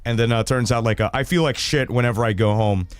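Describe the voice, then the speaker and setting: A fast talker with a smooth, mid-range voice and no room sound, this young adult hosts a casual stream. He reads viewer stories aloud and reacts in an animated, rambling fashion, full of fillers and swearing.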